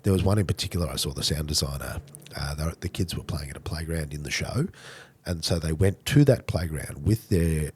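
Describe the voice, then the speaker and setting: An Australian man hosting a podcast, telling stories in a blokey, joking and animated way. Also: a bass voice, a little fast, a little hiss or hum. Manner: animated storyteller, blokey and jokey. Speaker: podcast host. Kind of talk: casual podcast chat.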